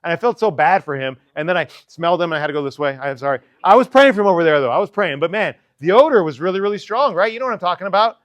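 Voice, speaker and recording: A man preaching to teens in a loose, joking, conversational way, with a fairly high voice. The sound is close and dry, with no room echo. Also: lively intonation, racing, few pauses, fairly bright tone, lo-fi sound. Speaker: youth preacher. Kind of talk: sermon.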